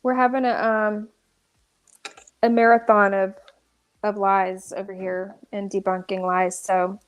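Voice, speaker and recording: A woman's voice: medium pitch, little pitch movement, measured pace, clear, resonant tone. A woman ranting through live commentary, exasperated and restarting often. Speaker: drama commentary streamer.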